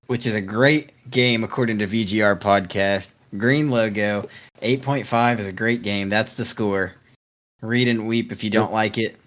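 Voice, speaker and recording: A man's voice: on the low side, a bit bright. A man co-hosting a video game podcast, joking and hyping things up playfully. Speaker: podcast co-host. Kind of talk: casual chat.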